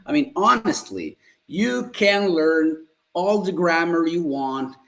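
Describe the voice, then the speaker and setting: A man from Italy with an Italian accent, teaching Italian in a live-streamed lesson, repeating phrases slowly and staying upbeat and positive. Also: fairly high pitch, very animated, fairly bright tone. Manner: slow, drawn-out model phrases repeated for learners.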